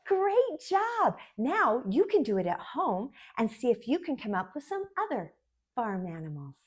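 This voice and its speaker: A woman's voice: a little high, very animated, breathy edge. A woman teaching preschoolers about farm animals, speaking in a sing-song way and chanting simple rhymes. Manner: slow, sing-song, exaggerated for toddlers. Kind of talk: children's lesson with rhymes.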